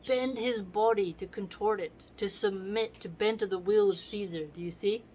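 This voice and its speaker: A woman's voice: medium pitch, moderate pace, darkish tone, a little hiss or hum. Chatty woman explaining a play. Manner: conversational, asks "right?" often. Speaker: literature teacher.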